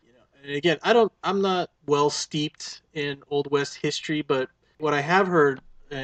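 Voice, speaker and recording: A man's voice: mid-range voice, no echo. Thoughtful podcast man, hedging his points. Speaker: podcast co-host. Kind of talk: casual movie review chat.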